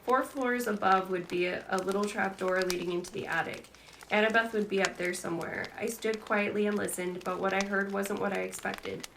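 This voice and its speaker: A woman host gently reading a novel aloud in an ASMR book reading. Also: mid-range voice, steady tone, fairly quick, vocal fry, noisy background. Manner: soft, gentle narration.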